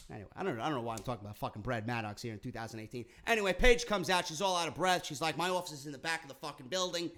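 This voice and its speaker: Bright-voiced, high-pitched man ranting profanely. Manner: profane, sarcastic, rambling. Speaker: wrestling show reviewer. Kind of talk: casual recap rant.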